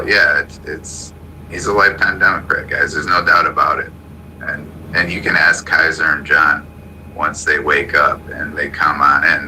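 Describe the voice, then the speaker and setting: Male host with a very low, hard-edged voice; blunt live audio-room commentary full of restarts. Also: bright, forceful tone, slight background noise, rough recording. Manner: blunt, repetitive, stumbling restarts. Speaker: show host.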